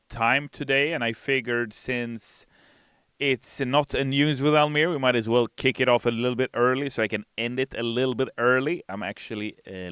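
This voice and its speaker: A man's voice: mid-range voice, sharp tone, clear, resonant tone, no echo. A man hosting a game livestream, casually reading chat messages aloud and answering them from a studio. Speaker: game stream host.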